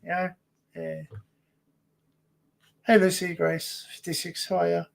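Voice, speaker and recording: A man's voice: on the high side, level tone, measured pace, creaky, a little hiss or hum. A man co-hosting a casual live-stream chat, rambling through stories with stumbling restarts. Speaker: co-host.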